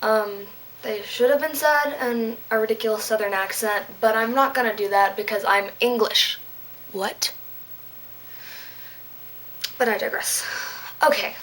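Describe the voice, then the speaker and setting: A woman tutoring Latin in a casual home video, her voice sitting a little high. She keeps things playful with goofy asides and jokes at her own expense. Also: measured pace, long pauses, fairly bright tone, rough recording.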